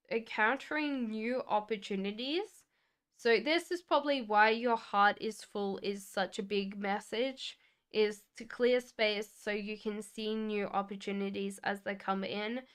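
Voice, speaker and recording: A woman's voice: a little high, fairly even intonation, slow pace, a bit bright, smooth. A woman hosting a live-stream tarot reading, chatting casually and reassuring viewers by name as she answers their questions. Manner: hums while shuffling cards.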